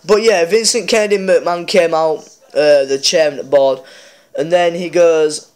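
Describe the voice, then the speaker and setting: Rambling man, smooth voice. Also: fairly high pitch, moderate pace, a little mellow. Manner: rambling, many fillers and restarts. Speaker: mobile game channel host. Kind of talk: casual commentary, recapping a wrestling show.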